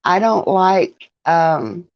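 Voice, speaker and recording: A woman's voice: lowish voice, animated, very slow, dry recording, lo-fi sound. A woman hosting a casual livestream, chatting with viewers, greeting them by name and laughing often. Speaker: livestream host. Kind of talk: casual live-stream chat with viewers.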